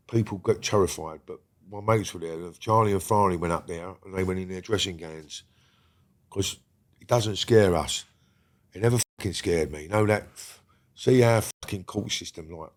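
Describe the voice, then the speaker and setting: A middle-aged man tells his story in a blunt, heated way. He swears freely and leans hard on his words. His voice sits on the low side. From Britain. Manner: heated, profane, emphatic storytelling. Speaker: interview guest. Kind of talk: casual storytelling.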